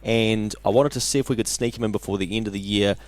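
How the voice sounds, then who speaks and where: Hosting a podcast interview, a man with a New Zealand accent sounds upbeat, blokey and enthusiastic. He talks fast in a lowish voice with a steady tone, and the recording has no echo.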